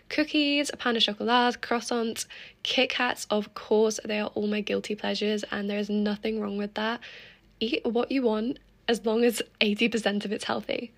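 A teenage girl chats casually on her own solo podcast, upbeat and laughing often. Her voice sits at medium pitch with a flat delivery and a moderate pace.

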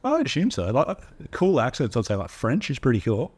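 A man's voice: medium pitch, wildly swooping pitch, fast talker, darkish tone, husky. An Australian man in casual podcast chat, laid-back and asking questions. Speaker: podcast co-host.

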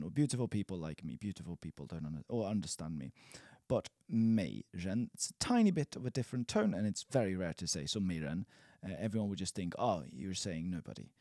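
Man, low lively voice, mellow and dry, language teacher running through example phrases. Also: dry recording. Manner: says example sentences loudly and high, asides low and quick. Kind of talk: language lesson with spoken examples.

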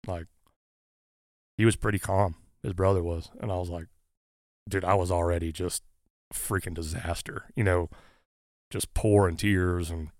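A man speaks in a lower register, recounting events in an earnest, halting way. His sound is close and dry, with no room in it. He talks casually, as if to a friend across the table. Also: steady tone, darkish tone, no echo. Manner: halting, many "uh" fillers, earnest. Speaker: guest, firefighter. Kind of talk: casual conversational storytelling.

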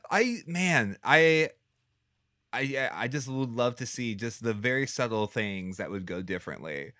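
A man co-hosting a casual movie podcast, animated and quick to laugh and exclaim. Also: medium pitch, no room sound, studio quality. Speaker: podcast co-host.

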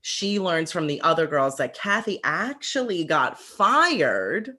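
Female podcast guest, low voice, plain plot recap. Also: sing-song, slow pace, sharp tone, slightly rough. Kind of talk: casual chat.

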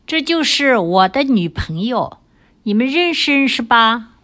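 An older woman with a fairly high voice, reading example sentences for a language lesson. She speaks very slowly and carefully so that learners can follow. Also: big pitch swings, a bit bright. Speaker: co-host, reads example sentences. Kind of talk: slow, clear example reading.

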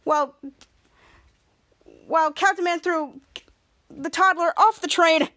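A woman's voice: extremely high pitch, steady tone, unhurried, bright, forceful tone. A woman hosting a podcast, casually recapping an episode in a rambling way, with many restarts and stumbles over words. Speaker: podcast host.

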